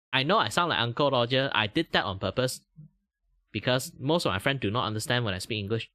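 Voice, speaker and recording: A young Malaysian man hosts a casual livestream, his medium-pitched voice expressive, bright and forceful at a normal speed. The recording is clean studio sound with no echo. He rambles with plenty of fillers, laughs often and playfully teases his viewers.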